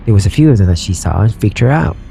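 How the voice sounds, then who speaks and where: A man's voice: lowish voice, expressive, fast talker, vocal fry, dark tone, soft background music. A man around forty hosting a podcast, telling a story in a casual, rambling way, swearing freely and wondering aloud. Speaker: podcast host.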